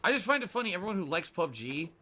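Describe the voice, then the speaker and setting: A man streaming a shooter game, excitable and swearing as he yells at the gameplay. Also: high-pitched, fast, over a noisy crowd. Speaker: gaming streamer. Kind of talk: loud gameplay commentary.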